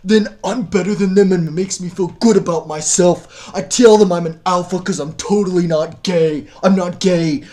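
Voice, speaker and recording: A man doing a mocking parody of a loud, boastful male internet tough-guy millionaire who brags over and over. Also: high-pitched, steady tone, moderate pace, few pauses, lightly acted. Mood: bragging. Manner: brash, repetitive bragging.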